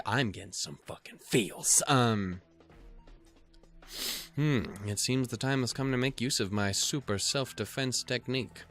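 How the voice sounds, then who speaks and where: A man's voice: medium pitch, measured pace, fairly bright tone, faint music behind. A young man hosting a let's play, swearing and joking as he reads the game text aloud. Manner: crude, joking, swears a lot. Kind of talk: casual game commentary.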